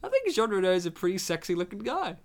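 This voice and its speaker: A man's voice: high voice, huge pitch swings, fast talker. A man co-hosting a casual podcast, chatting about a film while it plays, joking, swearing and laughing often. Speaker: podcast co-host. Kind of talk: casual film commentary chat.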